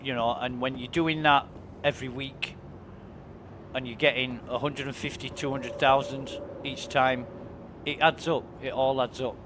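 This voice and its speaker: A man's voice: mid-range voice, fairly even intonation, normal speed, noisy background. A man chatting casually and enthusiastically while streaming a game, swearing freely. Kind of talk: casual chat while gaming.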